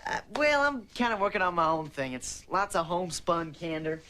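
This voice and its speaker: A man's voice: high-pitched, very animated, normal speed, pushed and bright, a little hiss or hum, full character voice. An actor playing an earnest young man from the country, a college debater who talks in a Southern accent with a modest, folksy manner. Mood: admiring. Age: young adult. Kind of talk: film acting.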